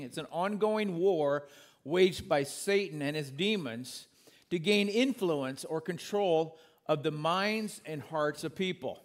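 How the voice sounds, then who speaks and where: Man preaching in a conversational tone. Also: fairly high pitch. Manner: conversational preaching with corny jokes; reads scripture aloud and explains it. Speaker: pastor. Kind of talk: sermon.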